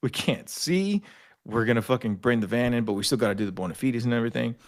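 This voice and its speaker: Speaking fast at a medium pitch, a young man recounts army stories as a podcast guest. He's a profane, animated storyteller who swears without restraint and performs the voices of those he quotes.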